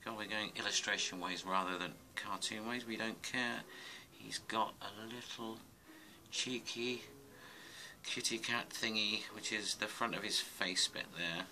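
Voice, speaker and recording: A man's voice: fairly low pitch, steady tone, unhurried, bright, forceful tone, slight background noise, low-quality recording. A man giving a casual drawing tutorial, muttering and rambling to himself as he sketches. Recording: music playing underneath. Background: music.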